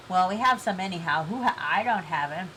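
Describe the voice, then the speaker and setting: A woman's voice: lowish voice, expressive, normal speed, pushed and bright, a little hiss or hum, rough recording. A woman live-streaming an online game event, chatty and giggly, reading game text aloud.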